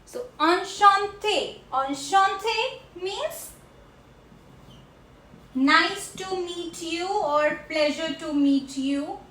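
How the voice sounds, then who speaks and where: A woman teaching a French class, slowly repeating each word for her learners. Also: very high voice, sharp tone. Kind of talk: classroom language lesson. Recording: echoey room.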